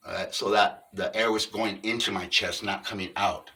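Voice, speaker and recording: A middle-aged man with a very low voice talks off the cuff to his viewers, earnest and halting as he explains each point step by step. He sits some way back from the microphone, so his voice sounds distant. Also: fairly even intonation, bright, forceful tone. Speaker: vlogger on Sasquatch encounters. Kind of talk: casual unscripted monologue.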